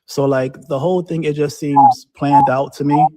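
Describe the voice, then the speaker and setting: A man's voice: fairly high pitch, fairly even intonation, moderate pace, warm tone. A man calling in to a talk show, rambling on with many fillers. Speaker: caller. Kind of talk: casual phone-in chat.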